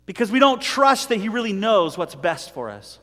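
Animated male preacher, high and lively, joking through a sermon; long church reverb. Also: normal speed. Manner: animated, jokey, dramatic swings in volume.

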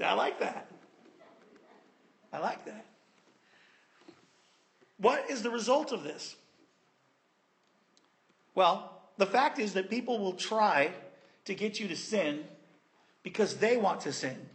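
A man preaching a sermon in an animated, conversational and playful way. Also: high voice, slow pace, creaky, long pauses.

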